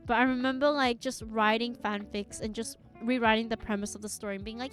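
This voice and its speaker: A woman's voice: fairly high pitch, normal speed, few pauses, soft background music. A young woman streaming live, chatting casually to her viewers in a rambling way and giggling often.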